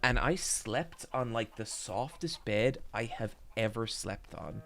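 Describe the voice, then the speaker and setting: A man's voice: medium pitch, expressive, slow pace, a bit bright. A man hosting a stream, casually telling a rambling, self-deprecating story while tired after a very long session. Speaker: streamer and podcast host.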